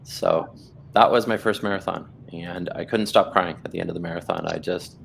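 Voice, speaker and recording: A man's voice: sits low, fairly even intonation, moderate pace, vocal fry, fairly bright tone, slight background noise. A man, a blood cancer survivor, earnestly telling his story as a guest on a video call livestream, full of restarts and quoted dialogue. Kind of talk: livestream conversation, personal storytelling.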